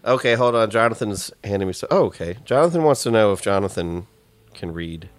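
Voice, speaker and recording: Male comedy podcaster, lively and profane storyteller, dry studio sound. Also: on the low side, a little fast, dry recording. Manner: profane, animated storytelling with mock voices. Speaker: podcast co-host. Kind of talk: casual comedic chat.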